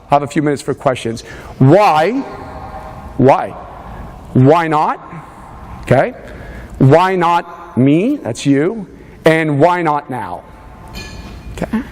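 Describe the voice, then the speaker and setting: Man, fitness coach, motivational seminar, energetic, urging, higher voice, reverberant hall. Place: hall with a live audience.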